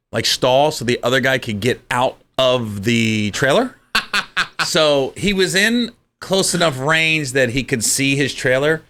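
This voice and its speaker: A man's voice: medium pitch, bright, forceful tone. A man, a comedian guest, telling comic stories in conversation and laughing through them.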